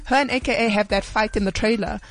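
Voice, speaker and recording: A woman co-hosting a casual studio chat, animated and laughing, acting out quotes in her talk. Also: medium pitch, fast talker, soft background music. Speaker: co-host.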